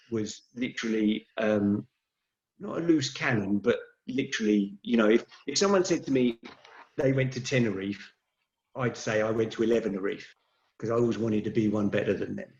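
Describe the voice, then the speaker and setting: A man's voice: fairly low pitch, darkish tone. A man talking candidly and reflectively as a guest in a casual conversation. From Great Britain. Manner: candid, reflective, speaks of sobriety. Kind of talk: casual chat. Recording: dull lo-fi sound.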